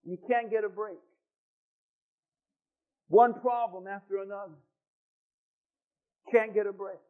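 A male pastor delivers a sermon in a church with slow, deliberate pacing. He drives each point home through repetition and calls out questions to the congregation. His voice sits very high, and the recording sounds dull and lo-fi. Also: steady tone.

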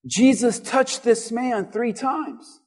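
A man pastor preaching a sermon in a church, building up with repeated lines and at times shouting. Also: extremely high pitch, takes it slowly.

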